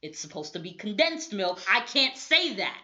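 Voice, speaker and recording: Animated woman podcast co-host. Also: medium pitch, moderate pace. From United States, child of Jamaican immigrants. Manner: animated, emphatic, sassy asides. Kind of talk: casual pop-culture review chat.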